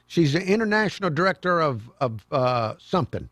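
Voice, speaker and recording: Sarcastic radio talk host. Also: male voice, fairly high pitch, big pitch swings, a little fast, slight background noise. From American South. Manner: sarcastic, mocking, with sudden loud outbursts. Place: radio studio. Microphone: studio microphone.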